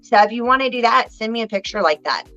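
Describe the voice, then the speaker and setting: A woman co-hosting a casual chat show, talking in halting bursts and speaking straight to listeners. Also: fairly high pitch, animated, fairly bright tone, muffled recording, soft background music. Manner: chatty, halting, addresses listeners directly. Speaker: podcast co-host, psychic reader.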